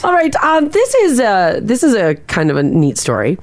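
A woman co-hosts a radio talk show and keeps the chat friendly and easygoing. Her pitch rises and falls a lot as she talks. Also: wildly swooping pitch. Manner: friendly, chatty, quick to agree. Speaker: radio co-host. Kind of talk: casual chat.

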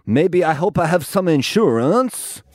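A man's voice: fairly high pitch, big pitch swings, a little slow, a little mellow, voice pushed up. Man doing a worried Russian crash victim. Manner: broken, clipped phrasing.

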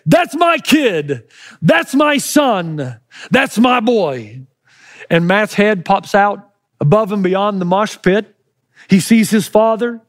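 High-voiced pastor telling a lively story. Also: male voice, no echo, studio quality. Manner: animated storytelling, shouting out quoted cheers. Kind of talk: sermon.

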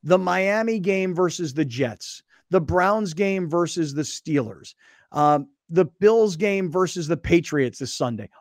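A man hosting a casual sports talk show, telling stories in an animated way and laughing often. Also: a little high, dry recording, clean studio sound. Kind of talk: casual sports radio chat.

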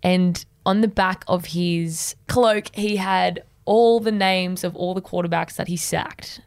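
An Australian woman co-hosts a podcast with a slightly low voice. She chats eagerly and explains things plainly. The sound is close and dry. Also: fairly even intonation, takes it slowly, dry recording. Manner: chatty, enthusiastic, explains things. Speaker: podcast co-host. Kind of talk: casual chat.

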